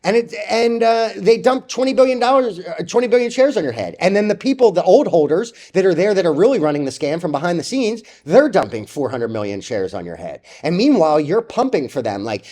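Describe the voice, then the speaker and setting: A young man ranting bluntly about stock trades, profane and rambling, with a slightly high voice. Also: very animated, fairly quick, few pauses, dark tone. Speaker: stock trading vlogger. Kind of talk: casual ranting commentary.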